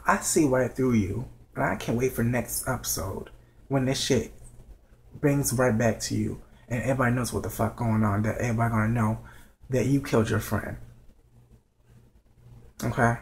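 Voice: mid-range voice, vocal fry, a little mellow, slight background noise, poor audio. A vlogger whispering at home late at night, giving a blunt, profane review of a TV episode. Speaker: show reviewer.

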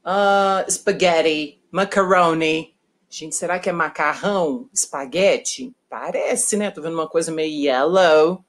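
A woman's voice: low-pitched, measured pace. A woman teaching English to first graders in an exaggerated, sing-song way, gasping at each new picture and switching into to explain. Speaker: English teacher for young children. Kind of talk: slow, animated online lesson for first graders.

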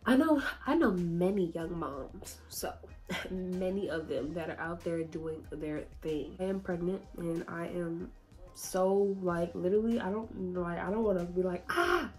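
A YouTuber in her 20s chats casually with her viewers in a vlog, her voice a little low and darkish in tone at a measured pace. She's chatty and emotional, laughing often and fighting back tears, with faint music in the background.

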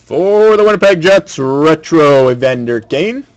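A man hosting a sports card break, calling out each card pulled in a brisk, matter-of-fact way. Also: on the high side, lively intonation. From Canada.

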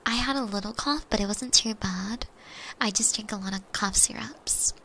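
A young woman streamer telling casual rambling stories during an ASMR stream, swearing freely and slipping into soft whispers. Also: mid-range voice, normal speed, slight background noise. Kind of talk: chatty ASMR stream storytelling.

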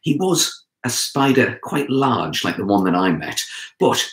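A man who writes children's books, telling a folk tale to children in an animated, expressive way and speaking to his listeners directly. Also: lowish voice, a little slow, reverberant, low-quality recording. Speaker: children's author and storyteller. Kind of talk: storytelling for children.

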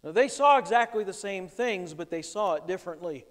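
A man's voice: high voice, expressive, a little fast. A male pastor preaching a sermon in a church, explaining scripture with emphatic, plain conviction. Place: church sanctuary. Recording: long church reverb.

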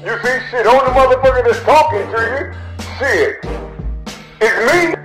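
A man with a high voice rants in a loose, preachy monologue, swearing freely and returning again and again to "you see". Clear music plays behind him. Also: animated, moderate pace, fairly bright tone, poor audio. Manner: profane, repetitive, preachy, keeps saying "you see". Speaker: self-styled spiritual speaker. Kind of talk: rambling spoken monologue.

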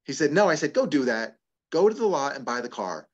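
A middle-aged man hosts a relaxed advice session, answering questions with lively anecdotes and frequent laughter. His voice sits in an ordinary middle pitch. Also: fairly quick, breathy edge, highs cut off. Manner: animated, storytelling with laughs. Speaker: host answering member questions. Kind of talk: casual advice talk.

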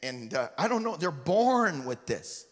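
A man's voice: a little high, big pitch swings, a little slow, fairly bright tone. A man preaching a sermon as a missionary, calling on the congregation to repeat after him and joking with them. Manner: call-and-response with the congregation; jokes with the crowd. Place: church sanctuary. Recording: echoey church hall.

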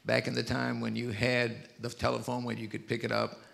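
An older pastor with a deeply gravelly voice, preaching in slow, heartfelt phrases. His voice rings out through a long, reverberant church hall. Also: completely flat delivery, fairly bright tone. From Mississippi, US. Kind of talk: sermon.

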